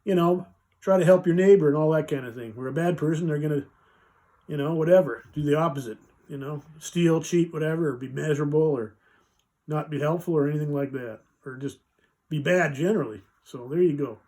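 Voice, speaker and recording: A man's voice: a little high, brisk, mellow. A man hosting a casual live vlog, rambling folksily with many fillers and restarts as he reads and explains a short scripture passage. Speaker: vlogger reading a Bible passage.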